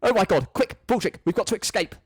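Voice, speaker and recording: Man voicing a sardonic butler, exasperated, dry, high-pitched, dry close sound. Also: animated, fast talker, husky, no room sound. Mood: panicked. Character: sardonic scheming male butler. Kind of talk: screenplay read-through.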